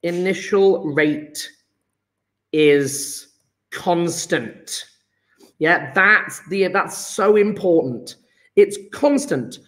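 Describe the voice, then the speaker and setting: Male chemistry teacher, upbeat and chatty, high-pitched, roomy echo on a computer mic. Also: animated, drawn-out words, long pauses, fairly bright tone. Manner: chatty, encouraging, quizzes students by name. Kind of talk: live online lesson. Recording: echoey room.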